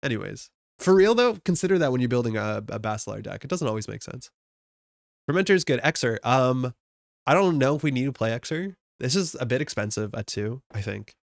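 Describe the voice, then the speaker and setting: A man's voice: medium pitch, vocal fry, no echo, clean studio sound. A young man from Alberta with a Canadian accent, chatting casually and thinking aloud while he builds a card game deck on a live stream, often laughing at himself.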